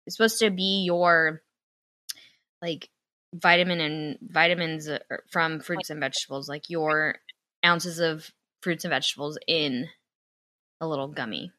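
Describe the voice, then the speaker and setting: Young woman, podcast co-host, casual storytelling, animated, bright voice, dry close sound. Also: low-pitched, a little slow, no echo. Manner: animated, acts out quoted dialogue, swears when annoyed.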